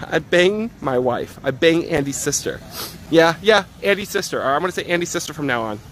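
Excitable joking man streaming outdoors. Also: fairly high pitch, a little fast, a little hiss or hum. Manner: joking, loud, excitable banter. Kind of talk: casual live-stream chat. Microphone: handheld phone.

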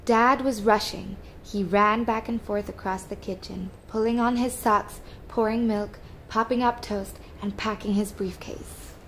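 A woman teacher reads a picture book aloud to young children in a gentle, expressive way. She takes her time over every line, with a faint hiss under her voice. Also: medium pitch, measured pace, few pauses.

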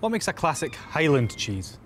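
A man's voice: fairly high pitch, normal speed, a little hiss or hum. A Scottish man presenting a language lesson on location, playful and full of puns. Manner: jokey, punning, lively. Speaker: presenter teaching words on location. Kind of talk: playful pun-filled presenting.

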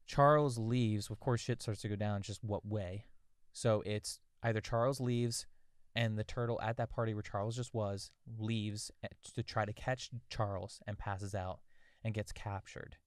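A young man co-hosting a podcast, with a smooth, clear voice at an ordinary middle pitch. He rambles and thinks aloud as he pitches ideas. The recording is dry and close to the mic. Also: fairly even intonation, unhurried, dry recording. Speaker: podcast co-host. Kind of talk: casual brainstorming chat.

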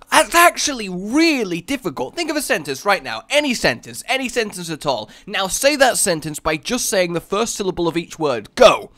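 A man's voice: high voice, big pitch swings, normal speed, hardly any pauses, sharp tone, no echo. A man giving comedic gameplay commentary, goofy and rambling, with silly sing-song bits. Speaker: gaming YouTuber.

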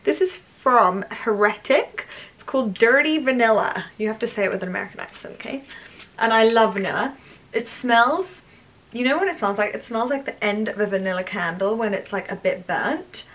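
A woman's voice: medium pitch, lively intonation, moderate pace, a bit bright, low-quality recording. A woman chatting through a shopping haul, gushing and full of "like" fillers. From United Kingdom. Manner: chatty and gushing, heavy use of "like". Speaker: beauty vlogger. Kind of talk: casual haul chat.

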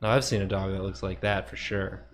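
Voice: deep voice, level tone, brisk. A stream co-host chatting casually, laughing often and commenting on drawings. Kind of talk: casual chat.

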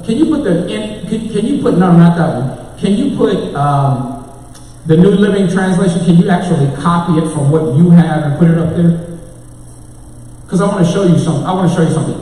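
A man's voice: fairly high pitch, warm tone. A man with a Texan accent preaching a sermon as pastor, calling out to his congregation and tech crew. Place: church sanctuary. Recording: echoey church hall, mic far off.

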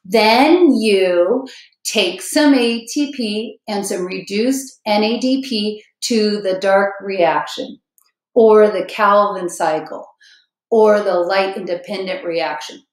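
A woman's voice: mid-range voice, slow pace. A woman biology teacher giving an upbeat, chatty lesson, often checking in with "okay?", and chanting a memory song with hand motions. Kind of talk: recorded classroom lecture with song. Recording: echoey room.

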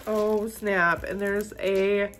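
A woman's voice: medium pitch, drawn-out words, a little hiss or hum. A young woman gushing and gasping as she unboxes a gift for her vlog. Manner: gushing, excitable, frequent gasps and "oh my gosh". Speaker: manga vlogger. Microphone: phone camera.

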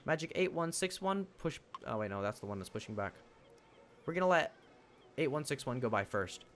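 A man's voice: medium pitch, very animated, brisk, a bit bright, slight background noise. A teenage boy streaming a game, chatting casually with viewers and thinking aloud as he plays. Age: teens. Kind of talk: casual live-stream chat. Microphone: desk mic he must face toward.

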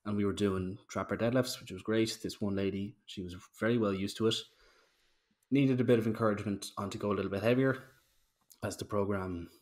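A man co-hosting a podcast, telling coaching stories in a casual, ranting way with frequent swearing. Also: fairly low pitch. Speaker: podcast co-host, strength coach.

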